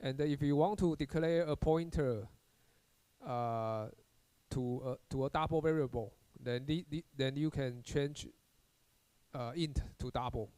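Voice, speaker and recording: A male university lecturer walks through programming code in a recorded lesson, at a middle pitch for a man. He talks haltingly, repeating words and starting over with frequent "uh"s. The recording is close and dry, with no room sound. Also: dark tone, smooth, dry recording. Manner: halting, repeats words and restarts, many "uh" fillers.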